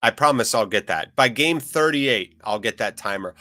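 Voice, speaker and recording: A man's voice: mid-range voice, animated, normal speed, bright, forceful tone, no room sound, studio quality. A man hosting a live football watchalong, calling the match and chatting casually while reading out viewer comments. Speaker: host.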